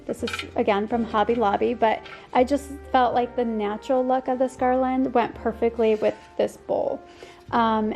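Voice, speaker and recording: A woman's voice: fairly high pitch, gravelly, a little mellow. A woman narrating a casual home decor tour, gushing and enthusiastic, with frequent ums and likes and a slightly worn voice. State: slightly losing her voice.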